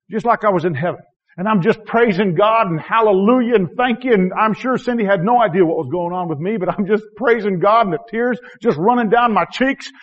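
A man preaching a sermon as a missionary preacher, swinging from shouting to hushed tones and chuckling often. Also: high voice. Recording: dull lo-fi recording.

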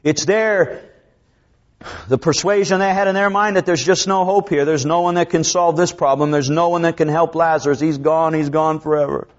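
A man with a fairly high voice preaches a sermon, slowing down to draw out scripture and swinging from urgent peaks to hushed lows. The recording is dull and lo-fi. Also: fairly even intonation. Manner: preaching with dramatic rises and drops; slows down to draw out scripture quotes.

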